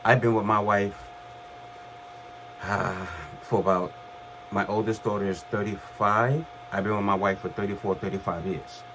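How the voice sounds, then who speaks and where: A man's voice: lowish voice, normal speed, noisy background. A man in his fifties from Brooklyn, New York, casually telling the story of his heart transplants, conversational with restarts. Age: 50s. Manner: relaxed, conversational, with restarts and acted quotes.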